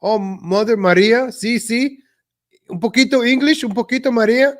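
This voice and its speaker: A man voicing a flustered immigrant mother who speaks halting broken English mixed with Spanish words and stammers. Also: extremely high pitch, pitched above the performer's own voice.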